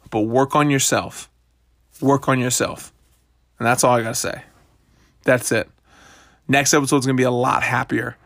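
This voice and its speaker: A man's voice: mid-range voice, fairly bright tone, no room sound, clean studio sound. A young man hosting his own podcast, talking casually and bluntly in a rambling motivational monologue that is full of swearing. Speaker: podcast host.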